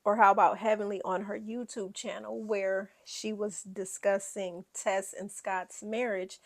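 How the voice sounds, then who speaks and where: A woman's voice: mid-range voice, a little slow, few pauses. Sassy woman dishing gossip. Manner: sassy, animated, laughs often. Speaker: reality TV recap host. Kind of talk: casual gossip recap.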